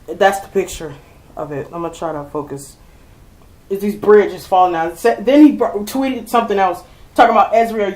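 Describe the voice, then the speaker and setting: A woman's voice: mid-range voice, moderate pace, a little mellow, echoey room, rough recording. A woman ranting heatedly to her viewers, swearing and repeating herself as she vents. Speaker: vlogger. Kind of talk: angry rant to camera.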